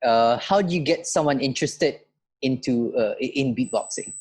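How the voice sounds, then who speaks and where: A podcast host with a slightly husky, breathy voice reads out viewer questions in a loose, relaxed way. The pitch sits in a middle range. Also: normal speed. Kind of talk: casual interview hosting.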